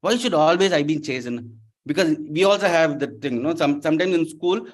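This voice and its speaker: A guest lecturer with a slightly high voice talks at a normal speed, telling stories in a playful, interactive way to a university class and often putting questions to the audience. His first language is not Telugu.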